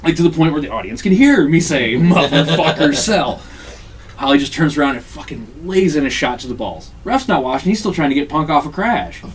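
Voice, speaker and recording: Profane, animated man telling a story. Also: a little high, fast, hardly any pauses, recorded from a distance, a little hiss or hum. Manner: profane, animated, acts out quotes. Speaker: podcast host recapping a wrestling game. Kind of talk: casual storytelling chat.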